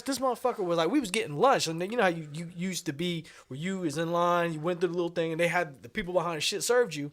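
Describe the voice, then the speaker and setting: A man telling a story in casual podcast chat, animated and swearing freely. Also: sits high. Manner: fast, animated, profane storytelling.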